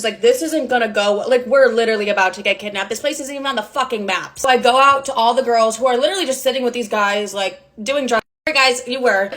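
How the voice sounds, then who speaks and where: Young woman rambling thru a storytime, cussing a lot, kinda high voice. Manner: fast, breathless, heavy on "like" and swearing. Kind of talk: casual storytime monologue.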